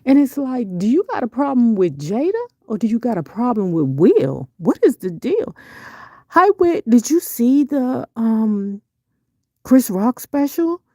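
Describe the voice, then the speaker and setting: A middle-aged woman holds forth in casual live-stream commentary, answering her chat in an unhurried, dark, gravelly voice. She is blunt and profane, full of rhetorical questions, and her pitch leaps up sharply whenever she exclaims. The sound is dry and close. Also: big pitch swings, no echo. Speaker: vlogger reading live chat.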